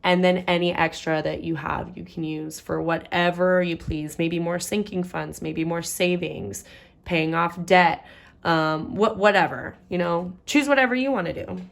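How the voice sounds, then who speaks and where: A woman's voice: fairly low pitch, steady tone, a little slow, vocal fry. A young woman casually walking through a budget, chatting and thinking aloud as she works out the sums. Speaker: budgeting vlogger.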